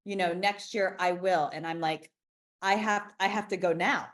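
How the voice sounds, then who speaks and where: A woman's voice: fairly low pitch, steady tone, normal speed, a bit bright. A woman in her forties, an interview guest talking frankly and emphatically, often restarting her sentences. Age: 40s. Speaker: interview guest, business founder. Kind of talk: candid conversational interview.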